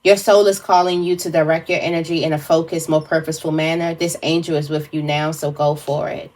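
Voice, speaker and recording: A woman's voice: sits low, level tone, a little fast, a little mellow. A woman giving a casual tarot reading to camera, thinking aloud with fillers and restarts. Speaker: tarot reader.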